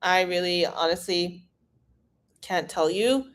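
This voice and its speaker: A woman's voice: fairly low pitch, takes it slowly. A woman from Iran, an immigration consultant, answering viewer questions in a frank, casual live-stream Q&A and reading the questions aloud.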